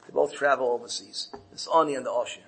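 A man's voice: medium pitch, quick pace, gravelly, fairly bright tone, slight background noise, low-quality recording. A man teaching a Torah lesson and telling a parable, lifting his voice for the characters and often restarting phrases. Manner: storytelling, lifts his voice when quoting characters; repeats words and restarts phrases.

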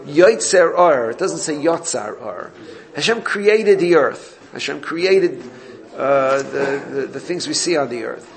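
Gravelly man teaching a Torah class. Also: medium pitch, a little slow. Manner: explanatory, reads Hebrew text then translates.

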